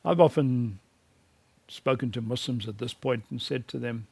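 A man teaches in a gravelly, slightly husky voice, recorded dry and close. He speaks with emphatic conviction and mixes in personal stories. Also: mid-range voice, moderate pace, a little mellow, no room sound. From South Africa. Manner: earnest, emphatic preaching cadence with personal anecdotes. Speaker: lecturer.

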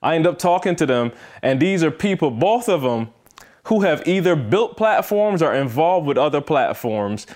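A man's voice: a little high, sing-song, normal speed, darkish tone. A man hosting a podcast in casual motivational talk, emphatic and repeating his points for stress. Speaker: podcast host.

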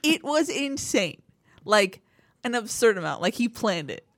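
A woman co-hosting a sports podcast, telling stories in a chatty, animated way. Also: on the high side, a little slow, no room sound, studio quality. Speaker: sports podcast co-host and photographer. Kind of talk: casual sports chat.

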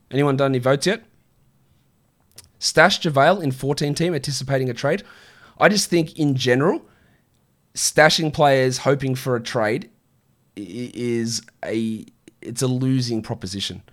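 Chatty man hosting a show. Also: mid-range voice. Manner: chatty, offhand, quick answers to viewer questions. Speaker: fantasy basketball show host. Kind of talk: casual live-stream Q&A.

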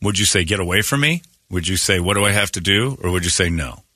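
A man's voice: low-pitched, expressive, quick pace, sharp tone, no room sound, clean studio sound. A man hosting a morning radio show, rambling through announcements and teasing his co-host. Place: radio studio.

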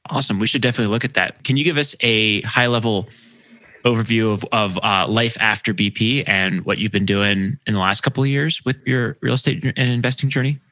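Bright-voiced male podcast host, dry sound. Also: on the low side, fairly quick, dry recording. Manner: relaxed, restarts phrases. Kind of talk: casual interview chat.

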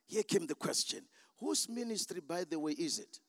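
A man pastor preaching a sermon, telling a story dramatically, acting out the voices and bursting into shouts. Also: fairly high pitch, lively intonation, normal speed, dry recording.

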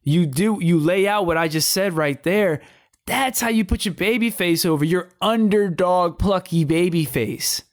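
A man co-hosting a casual wrestling talk show. He speaks in an animated, slangy way and often repeats his words. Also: high-pitched, unhurried, no room sound, clean studio sound. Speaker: wrestling podcast co-host. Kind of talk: casual commentary chat.

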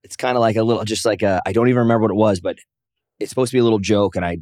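A man's voice: on the low side, rapid-fire, no echo, clean studio sound. A man, a professional wrestler, telling stories in a casual interview, jumping into raised voices to act out what others said. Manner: animated, acts out quotes in raised voices. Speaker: wrestler and comic, guest.

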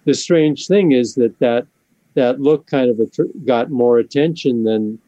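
A man's voice: medium pitch, measured pace, dark tone, no room sound, highs cut off. A man, a band member, speaking hesitantly and self-deprecatingly in a casual interview.

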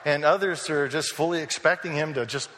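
Bright-voiced preacher in a reverberant hall. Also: male voice, on the high side, fairly quick. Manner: conversational storytelling, acting out quoted voices. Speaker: pastor. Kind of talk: sermon.

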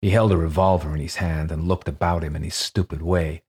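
Audiobook narration: male reader, deep pitch, husky voice, measured ghost-story telling. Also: steady tone, a little mellow.

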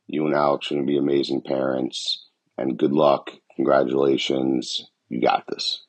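A man's voice: rumbling low, level tone, normal speed. A man recording a casual, encouraging message of family advice for a new father. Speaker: family member giving advice.

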